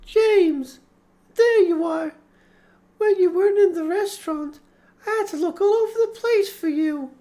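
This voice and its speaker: A man voicing a fiery little girl who yells and sobs, in an audiobook reading. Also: slow. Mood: cheerful. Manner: shrill, yelling and sobbing. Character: fiery little girl, tearful and quick to rage. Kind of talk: audiobook character voice.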